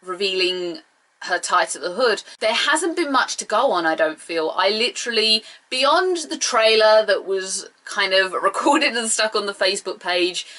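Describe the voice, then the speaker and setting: A woman's voice: mid-range voice, pushed and bright. A young woman, chatting casually and with strong opinions as she reviews a show for her viewers. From England. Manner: chatty, opinionated, rambling asides. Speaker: video reviewer.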